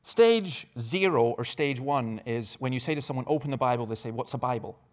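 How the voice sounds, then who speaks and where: Speaking at a mid-range pitch and a bit quickly, this middle-aged evangelist and preacher tells stories in a conference talk on evangelism. Humorous asides pepper his lively delivery, and he keeps restarting phrases with repeated words.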